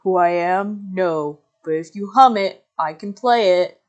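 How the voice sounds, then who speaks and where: A woman's voice: fairly low pitch, unhurried, lo-fi sound, close to an everyday voice. Woman voicing a laid-back male pianist.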